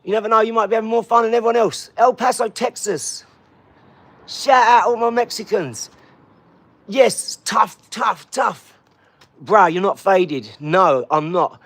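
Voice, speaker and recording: An English livestream host with a voice that sits high for a man reads out viewers' comments, energetically shouting out their hometowns one after another in quick, bouncy bursts.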